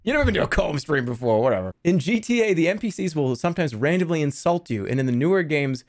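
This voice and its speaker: A man's voice: fairly high pitch, animated, quick pace. A man chatting on his livestream, joking and acting mock-outraged, laughing often. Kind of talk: casual livestream chat.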